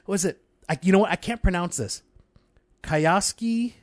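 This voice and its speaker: A man's voice: sits high, fast, a little mellow. A man co-hosting a casual theology podcast, playful and joking, easily sidetracked. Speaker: podcast co-host.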